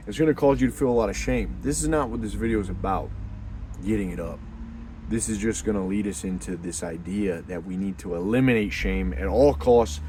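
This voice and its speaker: A young man hosting a men's community video, talking casually and bluntly, calling the listener dude, with loud emphatic bursts. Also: on the low side, a little hiss or hum. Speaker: host of a men's community channel. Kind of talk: casual unscripted monologue.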